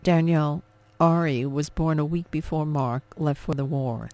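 A man's voice: fairly high pitch, normal speed, a little mellow, no echo, lightly acted, poor audio. A man narrating an audiobook, voicing a grieving young mother who pleads emotionally. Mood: sorrowful.

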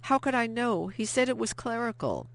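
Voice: medium pitch, very animated, normal speed, gravelly, voice pushed up. An audiobook narrator voicing Vianne, a young French wife, anxious and guilt-ridden, who pleads and stammers when cornered. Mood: pleading.

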